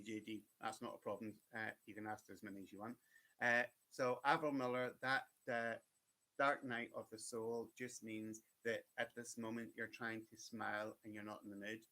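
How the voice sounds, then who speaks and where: A man's voice: mid-range voice, pushed and bright. A man giving chatty, reassuring one-card tarot readings on a live stream, addressing viewers by name. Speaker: tarot reader.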